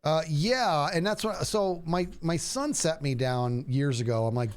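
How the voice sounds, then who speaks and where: A man in his forties telling stories in a relaxed casual chat, using "dude" and "bro" a lot. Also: fairly high pitch, unhurried, smooth. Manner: animated storyteller, says "dude" a lot. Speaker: streamer.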